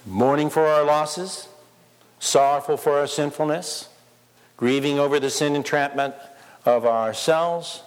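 A man preaching a sermon, firing off rhetorical questions and swinging between loud urgency and quiet asides. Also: mid-range voice. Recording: long hall reverb.

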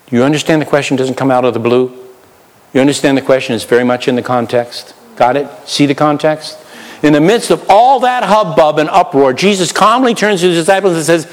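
A man preaching a sermon as pastor, animated, swinging between loud outbursts and hushed asides while acting out voices. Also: a little high, a little fast, big-room sound.

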